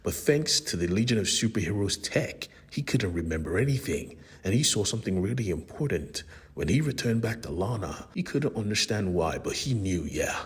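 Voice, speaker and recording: A young man with a low voice and a very clean, crisp sound. He retells a comic story casually, in a slangy way, and speaks straight to his audience. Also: sing-song, moderate pace. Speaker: comic book recap host. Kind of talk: casual comic recap narration.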